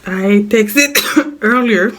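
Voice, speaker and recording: A sick young woman vlogging a casual life update in a hoarse, raspy voice, coughing often, rambling and repeating herself. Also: mid-range voice, drawn-out words, fairly bright tone. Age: young adult. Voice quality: raspy, smoker-like voice. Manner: rambling, repeats words, apologizes.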